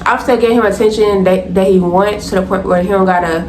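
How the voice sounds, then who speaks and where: A young woman telling a storytime vlog to her viewers, animated, blunt and profane, often calling them y'all. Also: medium pitch, fast, reverberant, noisy background. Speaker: storytime vlogger. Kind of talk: casual storytime to camera.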